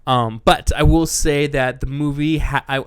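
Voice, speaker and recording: A man's voice: on the high side, fairly even intonation, measured pace, clean tone, dry recording, clean studio sound. A man co-hosting a podcast in casual chat, rambling with fillers and laughing often. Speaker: podcast co-host.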